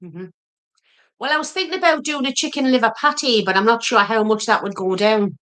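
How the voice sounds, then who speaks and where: A middle-aged woman chats casually during a home live stream, wandering easily from one thought to the next. Her voice sits a little higher than most women's. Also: a little fast, a bit bright. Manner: chatty, easily distracted. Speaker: cooking channel co-host.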